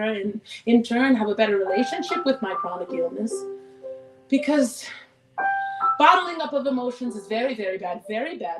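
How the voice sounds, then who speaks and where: High-voiced woman in a wry stage monologue. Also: far from the mic. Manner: wry, candid, frequent sighs and swearing. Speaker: solo performer. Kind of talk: live solo stage monologue. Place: theater stage before an audience. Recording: echoey stage recording from afar, music behind.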